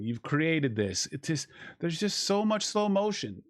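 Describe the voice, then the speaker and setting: A man reviewing a film in casual chat, rambling and animated, swearing casually. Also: fairly high pitch, a little slow.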